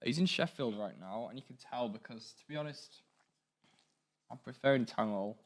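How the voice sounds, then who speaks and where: A man's voice: medium pitch, normal speed. A young man co-hosting a student radio show, bantering playfully with his co-host. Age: young adult. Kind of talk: casual livestream chat.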